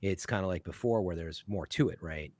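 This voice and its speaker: A man's voice: deep voice, brisk, a little mellow, dry recording, studio quality. A man hosting a casual podcast chat, rambling with frequent restarts and fillers. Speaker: podcast host.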